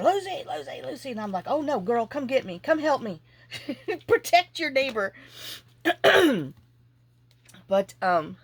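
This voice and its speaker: On her crafting vlog, the junk journaling host works while telling a lively, meandering story peppered with side comments. She has a medium-pitched voice, and there's no room sound.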